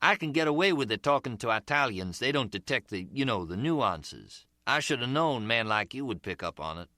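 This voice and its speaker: Man voicing a smooth-talking middle-aged street hustler, slangy and teasing, bright lively voice, for an audiobook. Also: mid-range voice, moderate pace, dry recording, studio quality, pitched above the performer's own voice. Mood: chatty. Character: slick streetwise male umbrella hustler, middle-aged, easygoing.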